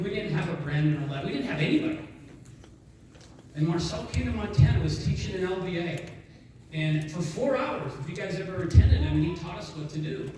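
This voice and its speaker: A man giving an energetic motivational talk to an audience, telling stories and acting out both sides of a conversation. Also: high voice. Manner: energetic storytelling, acts out dialogue. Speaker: network marketing speaker. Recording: echoey hall, mic from a distance.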